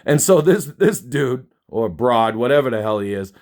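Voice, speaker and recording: A man's voice: medium pitch, lively intonation, normal speed, a little mellow. A man in a casual spoken rant, emphatic and profane, dismissive and often restarting his sentences. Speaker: concertgoer recounting a show.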